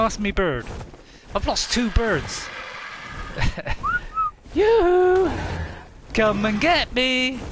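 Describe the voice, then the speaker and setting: A man streaming a video game, chatting casually, excitable and laughing often as he talks to himself. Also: sits high, background noise. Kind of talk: casual gameplay commentary.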